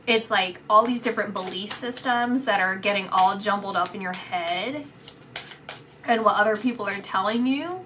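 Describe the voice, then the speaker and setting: A woman giving a psychic reading, talking in halting phrases that restart often with filler words. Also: medium pitch, bright, forceful tone, slight background noise. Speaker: psychic reader. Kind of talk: intuitive reading, spoken to the camera.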